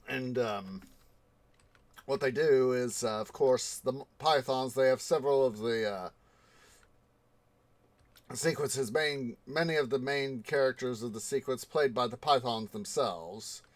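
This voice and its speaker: There's no room sound as a man with a medium-pitched voice talks unhurriedly while playing on his casual gaming livestream. He rambles through a story, stopping to um and restart often.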